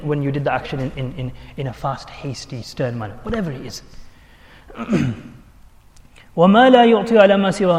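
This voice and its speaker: A man with a slightly high voice explains religious texts to a class, talking things through plainly. He repeats his key points and poses rhetorical questions. His voice carries a long echo, as if in a large hall. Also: a little mellow. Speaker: religious teacher.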